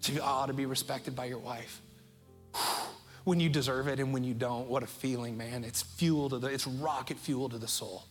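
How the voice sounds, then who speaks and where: A middle-aged man with an American accent preaching a sermon as pastor, earnest and openly emotional, slowing right down on key phrases. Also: mid-range voice, fairly even intonation, soft background music. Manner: emotional, earnest, speeds up and slows down for emphasis.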